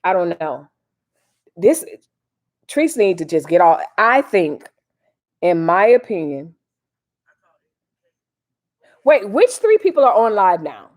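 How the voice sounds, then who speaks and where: A woman's voice: fairly low pitch, very animated, unhurried, pauses often, darkish tone. A woman hosting a casual live stream, chatting in a slangy, direct way to her viewers. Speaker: livestream host.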